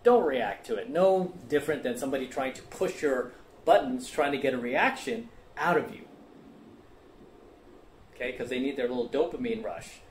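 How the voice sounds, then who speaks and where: A man's voice: mid-range voice, moderate pace. Blunt lecturing man in an echoey room. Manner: blunt, lecturing, asks "right?" and "okay?" often. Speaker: dating coach reacting to a clip. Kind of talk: casual commentary monologue. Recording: echoey room with faint ambient noise.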